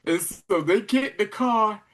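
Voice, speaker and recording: A man co-hosts a casual podcast recap with a bright, forward voice. He talks in loose slang, laughs as he goes and slips into the characters' lines as he retells the scenes. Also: high voice, unhurried. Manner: animated storyteller, acts out quoted lines; slangy, laughs while talking. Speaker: podcast co-host.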